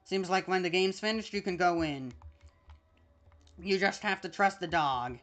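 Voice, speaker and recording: A woman's voice: on the low side, unhurried, fairly bright tone, soft background music. A woman streaming a video game, reading the on-screen text aloud in a casual, chatty way with small asides.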